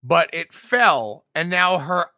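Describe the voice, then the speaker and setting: A man co-hosting a podcast, chatting casually about a movie and excitedly acting out what people said. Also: on the high side, slow pace, dry recording, studio quality. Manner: excitable, acts out quotes loudly. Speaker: podcast co-host.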